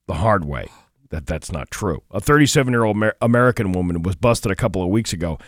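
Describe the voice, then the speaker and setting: A man's voice: low voice, expressive, fast talker, dry recording, studio quality. A man co-hosting a casual radio show, rambling through news items and laughing along. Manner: loose, rambling, laughs often, trails off. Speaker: radio co-host.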